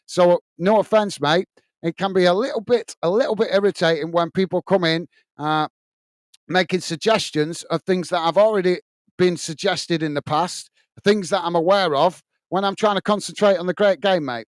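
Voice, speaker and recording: English man, match watch-along host, blunt and upfront, smooth clear voice, slightly high, dry close mic. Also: normal speed, no room sound. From England. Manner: blunt, upfront, addresses viewers as mate. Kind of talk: live match commentary and chat reading.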